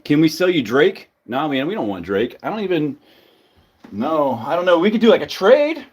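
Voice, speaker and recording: A man's voice: a little high, very animated, normal speed, darkish tone, breathy edge, lo-fi sound. A man hosting a casual livestream, rambling loosely with lots of fillers and swearing. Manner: loose, profane, filler-heavy. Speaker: livestream host.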